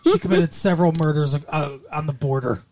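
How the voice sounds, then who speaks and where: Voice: medium pitch, fairly quick, darkish tone. A co-host in a casual chat, joking around and slipping into silly voices. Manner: playful, jokes, slips into silly voices. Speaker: podcast co-host.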